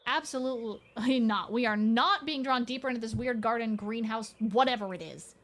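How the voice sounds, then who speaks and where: A woman's voice: fairly high pitch, moderate pace. A woman streaming a horror game, talking casually with lots of swearing and rambling asides. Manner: chatty, heavy swearing, rambling. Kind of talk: casual let's-play commentary.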